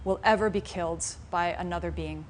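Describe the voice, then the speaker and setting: A woman's voice: lowish voice, steady tone, a little fast, lightly acted. A woman telling it as an eager, generous king. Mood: solemn. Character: generous noble male king, eager to please. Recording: faint room noise in a live class.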